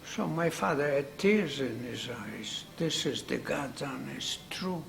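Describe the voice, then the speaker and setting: A man, telling an unhurried, folksy story from his working life in an interview. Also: mid-range voice, lively intonation, vocal fry, music in the background. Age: 90s. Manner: unhurried, repeats himself, folksy phrasing. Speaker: interviewee, accordion builder. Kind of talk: reminiscing storytelling.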